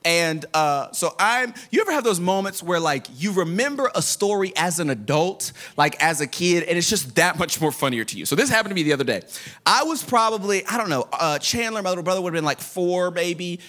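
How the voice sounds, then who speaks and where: A young adult man preaching a sermon as pastor, telling stories in an animated way with playful quoted voices. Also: high voice, a little fast.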